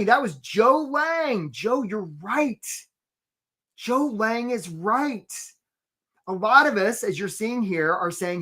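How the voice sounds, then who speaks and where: A man's voice: high voice, lively intonation, slow pace, sharp tone. A man giving a motivational career coaching talk in a live webinar, often checking in with "right?". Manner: motivational, peppers lines with "right?".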